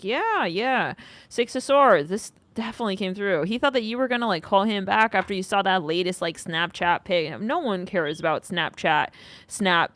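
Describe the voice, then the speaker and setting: A woman's voice: medium pitch, fairly bright tone. A woman rambling through a casual tarot reading, sassy and loose with her swearing. Her voice sits mid-range and sounds dry and close, with no room echo. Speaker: tarot reader.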